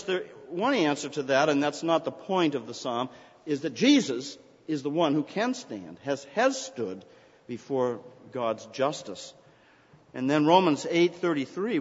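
Preaching man in an echoing hall. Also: fairly high pitch. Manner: earnest, rising to emphatic scripture readings. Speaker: pastor. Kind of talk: sermon. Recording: dull recording in a reverberant hall.

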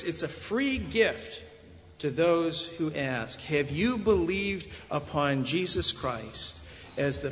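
Slow, emphatic male preacher in a hall. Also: a little high, fairly bright tone, highs cut off, slight background noise. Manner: emphatic preaching, with measured, deliberate pauses. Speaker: pastor. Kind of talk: sermon. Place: church sanctuary.

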